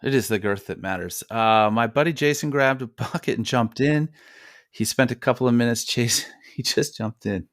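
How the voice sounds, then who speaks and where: A man's voice: medium pitch, normal speed, a bit bright, dry recording, studio quality. A man co-hosting a podcast, reading listener mail aloud in a rambling, joking way with lots of fillers. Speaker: podcast co-host.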